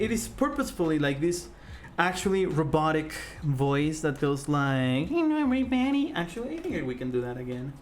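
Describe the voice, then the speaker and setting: A live-stream host chatting casually while drawing, rambling with many fillers and self-corrections and often breaking into laughter and excited greetings. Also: mid-range voice. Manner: laughs easily, with sudden excited outbursts.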